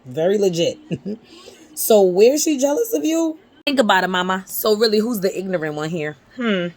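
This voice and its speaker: A woman's voice: medium pitch, animated, normal speed. A woman hosting a casual commentary channel, talking back at a clip in a sassy, mocking way.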